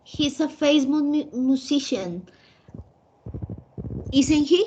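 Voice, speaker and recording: A woman student with a high voice answers grammar exercises slowly and carefully during an online class. Her voice comes through dull, lo-fi call audio with faint noise behind it. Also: expressive, dark tone.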